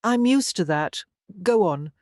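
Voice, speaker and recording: A woman's voice: mid-range voice, animated, unhurried, darkish tone, no echo, studio quality, voice pushed up, lightly acted. A woman voicing a confident, teasing Texan businessman in an audiobook, with an easygoing, wry manner.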